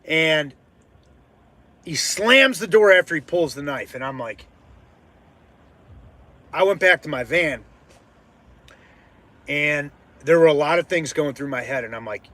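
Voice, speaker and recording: A man tells a personal story in a loose, casual way. He swings between quiet asides and heated, swearing bursts, and his voice sits on the higher side for a man. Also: lively intonation, measured pace, long pauses. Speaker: podcast host.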